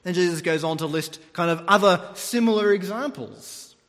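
A man's voice: high-pitched, normal speed. A man preaching a sermon, retelling stories and putting on voices as he goes. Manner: animated storytelling, mimics voices. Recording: long hall reverb.

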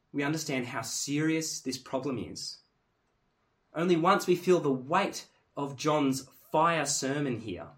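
A man preaching a sermon in an earnest, emphatic way, dropping to hushed tones and then rising to forceful stress. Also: fairly high pitch.

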